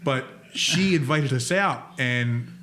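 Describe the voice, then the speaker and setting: A man in his thirties, a podcast guest who tells animated stories and jokes in casual chat. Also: mid-range voice. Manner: animated storyteller, quick to joke. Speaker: podcast guest, food content creator.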